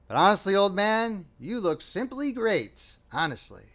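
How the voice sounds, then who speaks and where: A man's voice: high voice, very animated, unhurried, fairly bright tone, pitched above the performer's own voice, full character voice. A man doing a pushy, eager young man. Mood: coaxing. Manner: insistent, coaxing and bossy.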